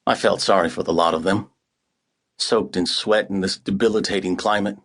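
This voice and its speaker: A man's voice: deep voice, fairly even intonation, normal speed, a bit bright, husky. A man narrating an audiobook in the first person, with a wry, hard-boiled delivery.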